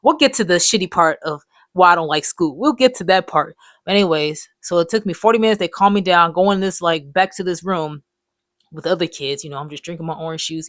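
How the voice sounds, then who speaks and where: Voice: medium pitch, fairly bright tone, no room sound. Rambling, cussing storyteller in their twenties. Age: 20s. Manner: rambling, profane, loose slangy talk. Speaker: vlogger telling life stories. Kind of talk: casual storytime monologue.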